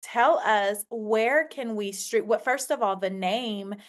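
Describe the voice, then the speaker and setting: A woman's voice: fairly high pitch, slow pace. A woman hosting a podcast interview, speaking in a conversational, affirming way and laughing often. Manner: warm affirming, frequent laughter. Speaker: podcast host.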